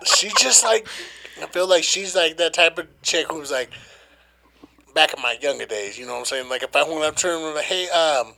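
A man's voice: fairly high pitch, quick pace, vocal fry, sharp tone. A man in his thirties co-hosting a podcast, chatting casually in a rambling, slangy, profane way. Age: 30s. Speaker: podcast co-host. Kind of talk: casual chat.

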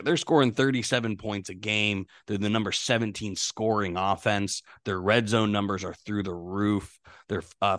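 A man's voice: lowish voice, dry recording, clean studio sound. A man co-hosting a casual sports podcast, talking through stats with frequent fillers. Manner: conversational, stats-heavy, many fillers. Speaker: podcast co-host.

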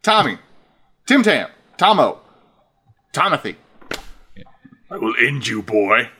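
A man voicing a petty, menacing male dark lord in a mocking, playful way. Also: medium pitch, big pitch swings, slow pace, breathy edge, exaggerated voice. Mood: mock menace.

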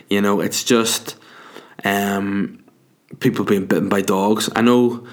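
A man delivering a profane, rambling comic rant, worked up and exaggerating. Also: lowish voice. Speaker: comedian.

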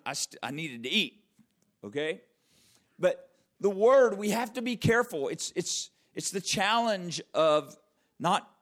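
Animated man preaching a conversational sermon. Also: a little high. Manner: conversational, asks the audience frequent questions; wide swings in loudness and emphasis, drawn-out slow words. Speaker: pastor.

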